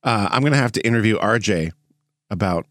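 A man hosting a casual podcast interview, relaxed and sprinkling in "uh" as he talks. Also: on the low side, fairly quick, no room sound, clean studio sound. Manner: relaxed, uses filler "uh" often. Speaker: podcast host.

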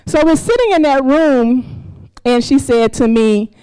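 A woman's voice: high-pitched, lively intonation, a little slow, mellow, clean tone, rough recording. A woman in her fifties from Mississippi tells a personal story to a live audience, laughing often and acting out the voices she quotes. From US South, Mississippi. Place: stage before a live audience.

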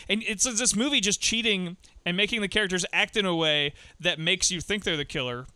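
Man, casual movie podcast host, animated, smooth crisp voice, dry close mic. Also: high-pitched, fast talker, hardly any pauses, no room sound. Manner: animated, acts out scenes in quoted voices. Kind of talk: casual chat.

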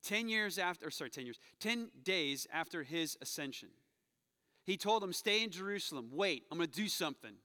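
A man's voice: a little high, animated, fairly quick, pushed and bright, big-room sound. A male pastor preaching a sermon in a church, telling the story with animation and acting out quoted voices. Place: church sanctuary.

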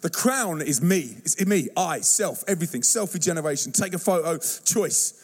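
An animated male preacher, speaking in a fairly high voice. He tells lively stories to a church congregation, jumping into slang and put-on voices as he goes. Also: normal speed. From England. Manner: animated storytelling, acts out youth slang and voices. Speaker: youth preacher. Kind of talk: sermon. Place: church hall.

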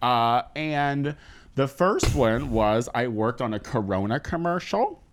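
A man hosting a casual podcast chat, his voice swinging widely in pitch as he tells stories. He swears freely and laughs often, sitting at a middling pitch for a man. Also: slow pace, slight background noise. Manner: animated, profane storytelling with laughter. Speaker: podcast host.

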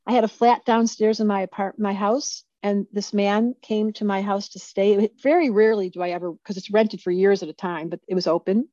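A woman's voice: medium pitch, brisk, few pauses, no room sound. Muffled woman in her sixties, telling a story. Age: 60s. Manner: animated storyteller who acts out quoted speech. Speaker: astrologer guest. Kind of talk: casual interview storytelling.

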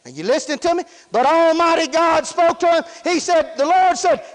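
A man's voice: extremely high pitch, fairly quick, hardly any pauses. A man preaching a sermon in a folksy, repetitive style, with frequent praise interjections. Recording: hall with long reverb.

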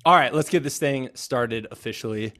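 A young man hosts a relaxed podcast chat, cracking jokes and laughing along with his guests. His voice sits at a middling pitch. He speaks casually, with plenty of fillers. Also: normal speed. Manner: jokey, laughs often, playful bits. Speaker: podcast host.

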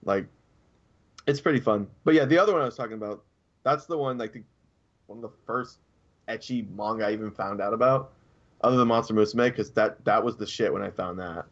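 A man's voice: on the low side, a little fast. Rambling man recounting a story. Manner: rambling storytelling, acts out quotes in raised voices. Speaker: podcast co-host. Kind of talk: casual chat. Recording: dull lo-fi sound.

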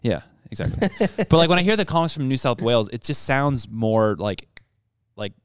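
A young adult comedian from Canada, riffing and joking in a casual chat. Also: male voice, mid-range voice, animated, moderate pace, smooth, dry recording, studio quality. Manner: joking, riffing, laughing often.

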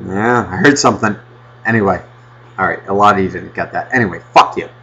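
A man co-hosting a podcast, ranting loudly and doing mocking impressions of a friend on the phone. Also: low voice, fairly quick, husky, low-quality recording. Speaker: podcast co-host. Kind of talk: casual podcast banter.

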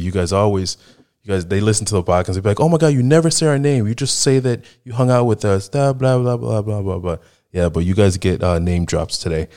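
Deep and darkish in tone, a thirtysomething podcast host from the Chicago area of the United States rambles through casual stories. He laughs often, and "like" and "right?" keep popping up in his monologue.

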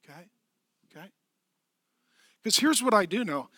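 A middle-aged man preaching a lively, playful sermon in a church, swinging from hushed tones to shouting. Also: sits high, measured pace, dry recording, clean studio sound. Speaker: pastor. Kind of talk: energetic comedic sermon.

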